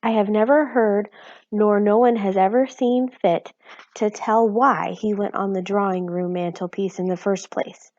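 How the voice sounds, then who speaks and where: A woman's voice: fairly even intonation, a little slow, darkish tone, no room sound, muffled recording, lightly acted. A woman reading aloud and voicing an anxious, fussy tiny mother who talks in a worried, exclaiming way. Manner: worried and exclaiming, raised pitch. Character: anxious fussy tiny mother, middle-aged, sharp-tongued.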